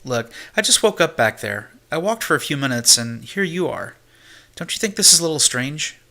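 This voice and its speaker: A man's voice: fairly high pitch, big pitch swings, normal speed, creaky, bright, forceful tone, full character voice. A man reading the part of a guarded, blunt young woman in an amateur audiobook, in close to his own voice. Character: wary, blunt young woman waking up lost.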